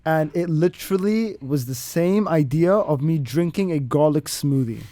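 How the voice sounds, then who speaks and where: A man's voice: fairly high pitch, moderate pace, dry recording. A man co-hosting a radio chat, telling stories animatedly. He acts out his own lines. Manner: animated storyteller, acts out quotes. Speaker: radio show co-host. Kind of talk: casual chat.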